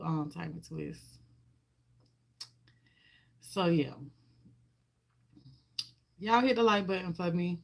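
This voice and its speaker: In a gravelly, mellow, husky voice on the low side, a woman vlogger talks to her livestream viewers, welcoming them by name. The chat is casual, emotional and sincere, with frequent repetition.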